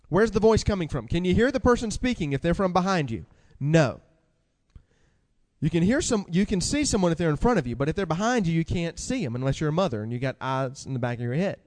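A man preaching a sermon with animated delivery, asking the congregation questions and reading scripture aloud. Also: a little high, a little fast, in a large hall.

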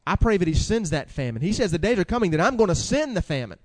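A man preaching a sermon with animated delivery, asking the congregation questions and reading scripture aloud. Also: high voice, fast, in a large hall.

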